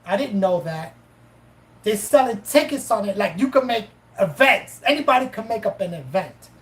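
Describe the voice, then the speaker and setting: A woman's voice: mid-range voice, normal speed, low-quality recording. A woman host casually telling a story on a live stream, swearing freely and acting out both sides of the dialogue. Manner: profane, animated, acts out both sides of dialogue.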